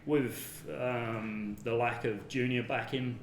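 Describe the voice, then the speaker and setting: A man's voice: medium pitch, steady tone, slow pace. A man from London speaks with an English accent, a club rugby player chatting easily and modestly about his team. His voice bounces around a roomy hall. A faint hum of noise sits under him. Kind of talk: casual interview. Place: rugby club function room.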